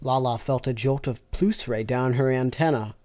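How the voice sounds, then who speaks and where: Very low-voiced woman, deadpan reading. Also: moderate pace. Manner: deadpan, sarcastic asides. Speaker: fanfiction reader. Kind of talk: comic reading with reactions.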